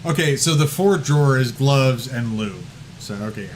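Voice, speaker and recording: A man chats loosely as a podcast host, swearing freely and laughing through his own stories. He slips into quick voices for the people in his tales. His pitch sits right in the middle for a man. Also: expressive, crowd noise. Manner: profane, laughing storyteller who acts out quotes. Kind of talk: casual podcast chat.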